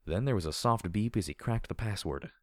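A man narrating an audiobook of dark fan fiction in a steady, measured storytelling voice. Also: lowish voice, no room sound, studio quality.

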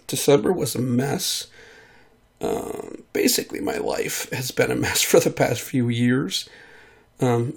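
A man talks into a studio mic in a sick, hoarse voice, with a rough, gravelly fry. He hosts a casual solo monologue at an unhurried pace. He rambles and makes self-deprecating asides, and his voice stays husky and breathy throughout. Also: medium pitch. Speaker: podcast host and voice artist. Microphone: studio mic at home.

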